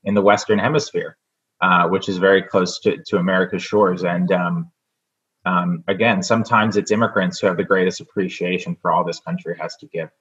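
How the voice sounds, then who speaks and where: Radio interview guest, male, very low voice, earnest and measured, many fillers; dull lo-fi recording. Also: fairly even intonation, a bit bright. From United States. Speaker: state senate candidate guest. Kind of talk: radio talk show interview.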